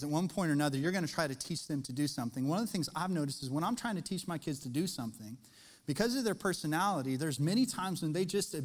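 A middle-aged man preaching a sermon as pastor, conversational and joking, then building to emphatic points, recorded in a church sanctuary. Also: high voice. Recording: long reverb of a large church hall.

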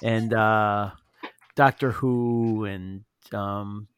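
A man's voice: lowish voice, fairly even intonation, extremely slow, smooth, dry recording. A man co-hosting a casual podcast, making wry asides and chuckling. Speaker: podcast co-host.

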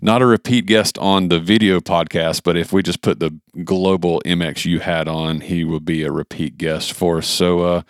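American male host, gravelly deep voice, folksy and enthusiastic. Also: fairly even intonation, normal speed, few pauses, dry recording, studio quality. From United States. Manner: enthusiastic, folksy, lots of fillers. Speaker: podcast host. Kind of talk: casual podcast chat.

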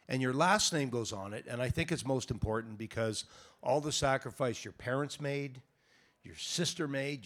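An older man from Canada, a retired hockey goalie, telling stories to a live audience in a casual, joking, teasing way. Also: medium pitch. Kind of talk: casual storytelling on a live panel. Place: event hall with a live audience.

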